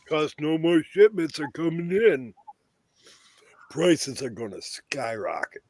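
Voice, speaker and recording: A man's voice: on the high side, animated, slow, a little mellow, no room sound. A man in casual political chat, indignant and swearing about prices and cuts. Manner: indignant, profane.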